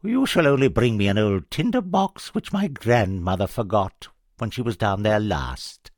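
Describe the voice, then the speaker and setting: A shrill crafty old witch, as a man puts her on. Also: big pitch swings, moderate pace, a little mellow, no echo, studio quality. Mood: coaxing.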